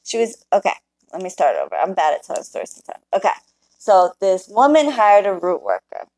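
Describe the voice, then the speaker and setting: A woman's voice: medium pitch, huge pitch swings, a little fast, a little mellow, dry recording, low-quality recording. A woman casually telling a story to her viewers, blunt and full of swearing. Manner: profane, blunt, talks straight to viewers. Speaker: spiritual worker telling a client story. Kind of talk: casual storytelling to a live chat.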